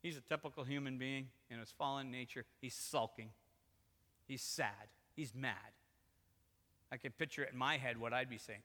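A male pastor preaching a lively sermon, telling the story with feeling and acting out the quotes, moving between loud and hushed. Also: mid-range voice, moderate pace, long reverb tail. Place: church sanctuary.

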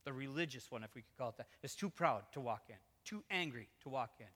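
A male pastor preaching a lively sermon, telling the story with feeling and acting out the quotes, moving between loud and hushed. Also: medium pitch, quick pace, in a large hall. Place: church sanctuary.

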